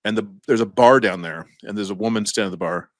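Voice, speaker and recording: A man's voice: on the low side, fast, no room sound, studio quality. A man co-hosting a podcast, telling a rambling story in a casual chat, chuckling often and acting out the voices of the people in it. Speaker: podcast co-host.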